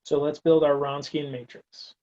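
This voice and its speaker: A man's voice: on the high side, flat delivery, normal speed, warm tone, dull audio. A man teaching a recorded math lecture, working through steps aloud in a casual, wry way. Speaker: math instructor.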